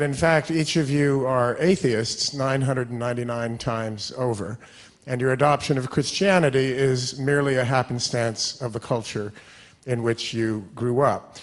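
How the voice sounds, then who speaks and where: A man stands up from the audience and puts a question to the panel in measured, formal phrasing. His voice sits at an ordinary male pitch. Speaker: audience member asking a question.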